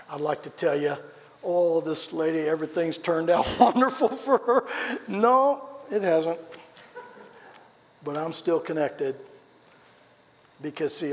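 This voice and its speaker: A man delivers a sermon in a church, his voice sitting a little high for a man. He tells a personal story with animated shifts from loud to hushed. A long reverb from the hall trails each phrase. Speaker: preacher. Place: church sanctuary.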